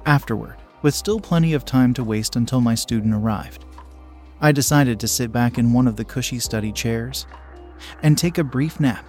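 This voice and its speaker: A young man narrating a first-person story in a steady, plain reading. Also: medium pitch, moderate pace. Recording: faint background music.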